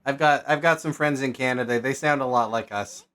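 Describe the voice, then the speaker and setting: A man's voice: medium pitch, a little fast, a bit bright. A man streaming a game, chatting casually and thinking aloud as he plays, rambling and correcting himself as he goes. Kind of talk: casual gameplay commentary.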